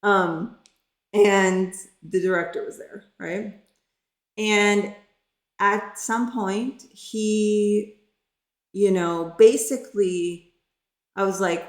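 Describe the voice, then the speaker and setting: A woman's voice: medium pitch, steady tone, extremely slow, long pauses, echoey room. A middle-aged woman, a pharmacist, telling a personal story in a candid, earnest, conversational way.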